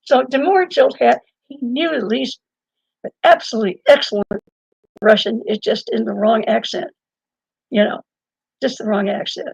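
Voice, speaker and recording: A woman's voice: on the high side, normal speed, creaky, pauses often, a little mellow, husky, no echo. An older woman telling a story as an interview guest, rambling and digressive, often breaking into laughter. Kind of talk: conversational storytelling. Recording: dull lo-fi dry sound.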